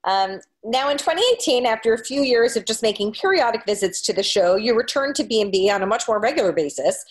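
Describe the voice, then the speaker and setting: A woman hosting a podcast interview, asking measured, complimentary questions. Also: fairly high pitch, animated. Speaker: podcast host.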